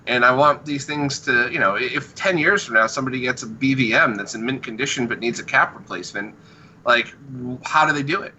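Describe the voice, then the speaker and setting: A man's voice: medium pitch, fairly quick, sharp tone, highs cut off, slight background noise. A man hosting a podcast in casual chat, laughing often and swearing casually. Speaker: podcast host.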